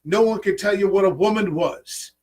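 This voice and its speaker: A man's voice: high voice, normal speed, darkish tone, recorded from a distance. A man in his fifties telling stories in a casual interview, swearing often and acting out what he once said to people. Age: 50s. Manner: profane, storytelling, acts out his own past remarks. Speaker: podcast host.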